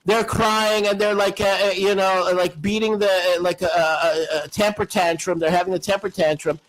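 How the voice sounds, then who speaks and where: A man with a high-set voice hosts a live-streamed talk show and argues hard with his callers. He preaches with insistence, stumbling through restarts and fillers as he pushes his point. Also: steady tone, moderate pace, poor audio. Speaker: host. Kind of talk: heated live-stream debate.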